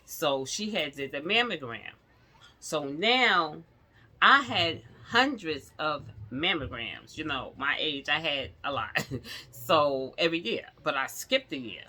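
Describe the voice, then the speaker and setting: A middle-aged woman tells her own story straight to her viewers in a vlog. Her voice is very bright and cutting, and she tells it animatedly, acting out what the other people said. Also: deep voice, animated, slow. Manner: acts out the others' lines in the story. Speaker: vlogger. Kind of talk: personal storytelling to camera.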